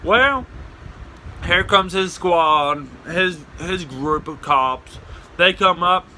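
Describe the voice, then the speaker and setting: A man telling a rambling comic story and jumping into loud, high voices for the quotes. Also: extremely slow, a little hiss or hum, poor audio. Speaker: comedic storyteller.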